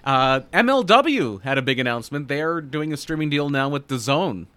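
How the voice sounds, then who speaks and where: A man's voice: fairly high pitch, animated, moderate pace, pushed and bright, smooth, no room sound. A man co-hosting a casual podcast, explaining backstage rumors at length in an informed way. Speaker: podcast co-host reading wrestling news.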